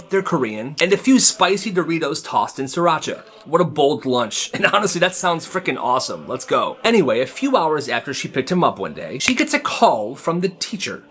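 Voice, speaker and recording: Male storytime narrator, casual and chatty, slightly high voice. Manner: lively, casual, commenting on the stories.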